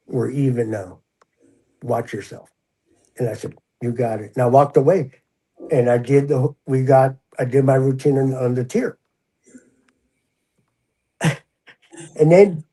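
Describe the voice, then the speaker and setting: Older guy, retired prison officer, spinning a story and doing the voices, kinda husky. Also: mid-range voice, low-quality recording. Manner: animated, acts out the quoted voices. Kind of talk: casual storytelling in a podcast interview.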